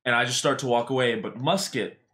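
A man hosting a podcast, telling stories in an animated, casual way with lots of swearing. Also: medium pitch, a little fast. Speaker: podcast host. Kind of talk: casual storytelling.

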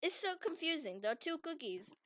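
A woman giving playful, theatrical game commentary with friends, teasing them and swinging into mock-furious shouting. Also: sits high, very animated, brisk, heavy background noise. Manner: teasing, giggly. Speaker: gaming channel host.

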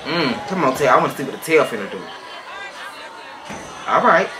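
A man's voice: mid-range voice, sing-song, normal speed, crowd noise, noisy background. A man gives sassy, emphatic reaction commentary while reviewing a dance team's performance. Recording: voice over loud band music.

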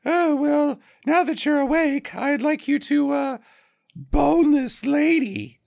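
A man's voice: very high-pitched, slow, gravelly, a little mellow, pitched above the performer's own voice, exaggerated voice. A man doing a snooty old society lady. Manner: prim, affected put-on lady voice. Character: snooty older woman with a fancy East Coast air.

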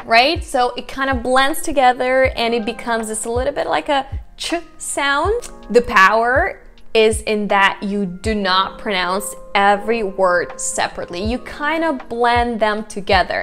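A woman's voice: fairly high pitch, fairly bright tone, soft background music. Woman coaching pronunciation. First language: Russian. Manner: demonstrative, repeats example words slowly. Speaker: accent coach. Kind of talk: pronunciation lesson.

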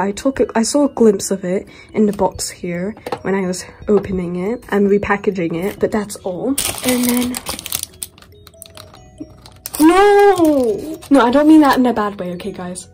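A young UK woman who vlogs about toy collecting gushes and rambles excitedly while unboxing toys, squealing and laughing. Her voice is medium-pitched with a darkish tone.

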